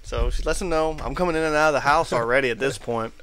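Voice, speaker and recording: A man co-hosting a podcast, telling a work anecdote in a relaxed, rambling, casual way. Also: medium pitch, fast talker. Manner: laid-back rambling storytelling. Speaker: podcast co-host. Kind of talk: casual chat.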